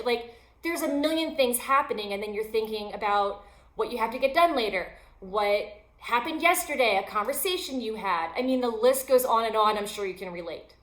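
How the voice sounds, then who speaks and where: A woman's voice: fairly high pitch, fairly bright tone, reverberant. A woman host and yoga teacher giving a motivational self-help talk, upbeat and chatty, with self-deprecating humor.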